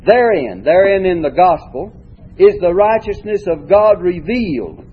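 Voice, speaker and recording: A fairly high, husky male voice delivers a Bible lesson at a measured teaching pace. He leans on single words as he reads verses aloud. The recording sounds dull and lo-fi. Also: animated. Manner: measured teaching, reads scripture slowly with shifting emphasis.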